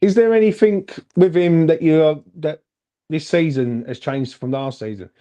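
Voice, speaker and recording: A man co-hosting a casual football fan chat, animated and chatty, calling everyone "mate". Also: fairly high pitch, normal speed. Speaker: fan channel co-host.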